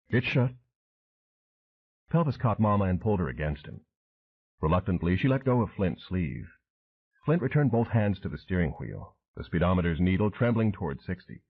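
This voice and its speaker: Over thin, phone-like audio, a man reads a thriller audiobook with dramatic flair, his husky, low voice taking on a sing-song lilt. He speaks at a moderate pace and leaves long pauses in the scripted narration.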